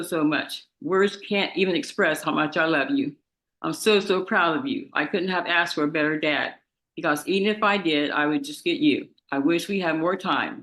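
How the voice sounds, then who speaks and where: A woman of about twenty reads her victim impact statement in court, grief-stricken and tearful, halting and restarting as she speaks of her father. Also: deep voice, a bit bright, poor audio.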